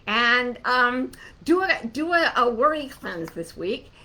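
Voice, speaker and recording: Bright-voiced woman host, gently coaching. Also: on the high side. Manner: warm, animated, soothing when slowing down. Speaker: host answering listener questions. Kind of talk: live online Q&A talk.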